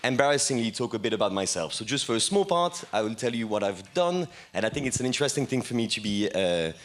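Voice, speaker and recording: Man, thirties, French accent, casual stage talk, lots of uh and restarts. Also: medium pitch. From France. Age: 30s. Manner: chatty, self-deprecating, many fillers and restarts. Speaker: bar owner giving a talk. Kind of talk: casual conference presentation. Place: conference stage.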